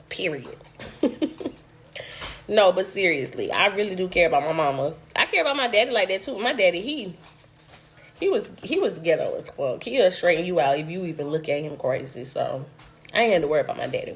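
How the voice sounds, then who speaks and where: A woman's voice: lowish voice, slight background noise. A young woman vlogger telling a story casually while she eats, blunt and profane.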